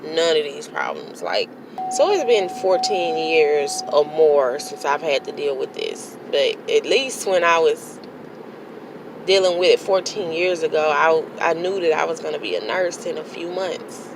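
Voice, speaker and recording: Gravelly-voiced woman giving herself a pep talk. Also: deep voice, lively intonation, a little slow, noisy background. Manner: blunt, self-motivating, working herself up. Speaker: vlogger. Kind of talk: casual vlog monologue.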